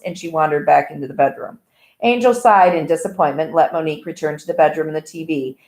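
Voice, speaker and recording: A woman reading a novel aloud in an even, plain way with small slips. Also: sits low, fast. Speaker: audiobook reader. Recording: echoey room.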